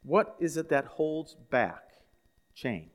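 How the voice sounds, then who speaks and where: A man's voice: a little high, very animated, slow pace. A man pastor giving a sermon in a conversational storytelling way, asking the listeners questions. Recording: echoey hall.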